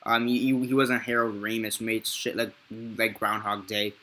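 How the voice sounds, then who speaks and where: Bright-voiced man rambling through a film review. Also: lowish voice, little pitch movement, moderate pace. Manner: rambling and profane, with frequent self-corrections. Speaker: movie reviewer. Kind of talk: casual unscripted film review.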